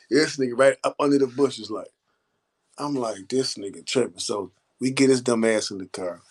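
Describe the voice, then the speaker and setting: A man's voice: mid-range voice, normal speed, husky. A man telling a story in a laid-back, profane way, laughing often as he goes. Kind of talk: casual storytelling.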